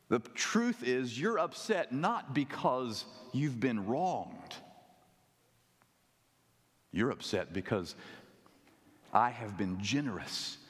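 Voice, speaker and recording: A male pastor preaching a sermon with dramatic pauses and wry humor. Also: medium pitch, big pitch swings. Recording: echoey hall.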